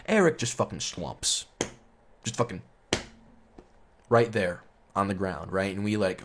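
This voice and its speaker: A man's voice: low voice, lively intonation, normal speed. A man telling a story in a casual, rambling, profane way, chuckling as he goes. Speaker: storyteller host.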